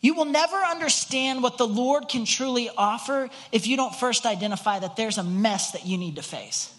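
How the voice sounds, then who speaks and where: A man's voice: very high voice, expressive, normal speed, fairly bright tone. A man pastor delivering a conversational sermon in church, earnest, asking the congregation rhetorical questions and often restarting his words. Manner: frequent restarts and repeated words. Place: church on a Sunday morning.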